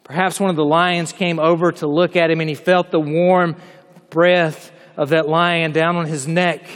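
A male preacher with a high voice delivers a dramatic sermon, moving from loud passages to hushed asides. His words ring with a long reverb from a large hall. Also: little pitch movement, moderate pace.

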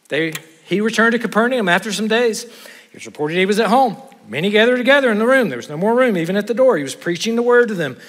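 Male pastor, high voice, lively preaching, ringing hall reverb. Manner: animated, acts out voices of people in the story. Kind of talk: sermon.

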